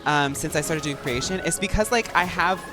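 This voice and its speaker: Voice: mid-range voice, fairly quick, over music. A young adult streamer chatting casually and rambling with lots of fillers while gaming.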